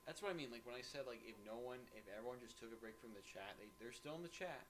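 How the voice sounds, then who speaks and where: A man's voice: mid-range voice, expressive, fast, fairly bright tone, a little hiss or hum. A man co-hosting a live stream, emphatic, confrontational and profane. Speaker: stream co-host. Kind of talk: casual livestream chat.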